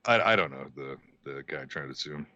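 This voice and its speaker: A man's voice: rumbling low, expressive, a little fast, sharp tone, no echo, highs cut off. A man playing along as a contestant in a podcast lyrics quiz, chatty and jokey. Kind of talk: casual podcast chat.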